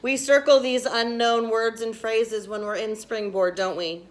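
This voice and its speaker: Teacher lady running a class, kinda high voice, brisk, keeps asking the kids stuff. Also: fairly even intonation. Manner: brisk, directive, asks the class questions.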